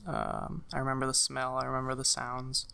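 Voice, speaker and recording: Young guy, gravelly but clear voice, flat delivery, keeps restarting and saying um. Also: mid-range voice. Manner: halting, many fillers and restarts. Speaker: guest sharing a personal story. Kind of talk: casual conversational storytelling.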